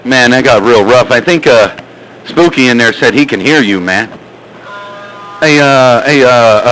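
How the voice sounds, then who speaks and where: Man, CB regular, folksy playful drawl, bright forceful tone, faint noise. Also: medium pitch, measured pace, poor audio. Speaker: CB radio operator. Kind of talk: casual CB radio chat. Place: home radio room.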